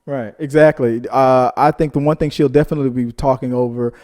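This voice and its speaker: On a casual reaction show, a co-host with a mellow, dark-toned voice of average male pitch reads viewer comments aloud. He talks briskly with fairly even intonation, keeps drifting into side stories, and says sorry for them.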